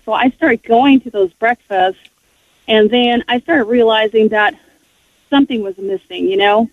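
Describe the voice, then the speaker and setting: A woman's voice: fairly high pitch, unhurried, no room sound. A woman speaks earnestly and from the heart, sharing her personal faith story as a guest on a radio show. She often stops and restarts her sentences. The sound is thin and tinny, like a phone line, and completely dry. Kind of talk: emotional personal testimony.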